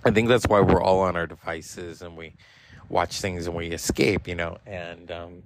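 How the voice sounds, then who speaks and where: A man's voice: low-pitched, fairly even intonation, a little slow, slight background noise, rough recording. A man in his forties hosting a podcast, telling casual personal stories in a rambling, profane way with lots of fillers. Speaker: podcast host.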